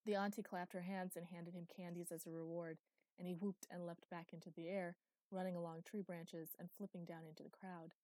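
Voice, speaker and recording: Young woman reading a story, lowish warm voice, dry close sound. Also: level tone, fairly quick, no echo. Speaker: narrator. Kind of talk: audiobook narration.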